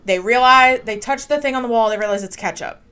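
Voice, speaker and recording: A woman's voice: a little high, fast talker, sharp tone, smooth. A woman co-hosting a podcast, retelling a true crime story in a chatty way, with lots of "like". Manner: chatty storytelling, heavy use of "like". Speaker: podcast co-host.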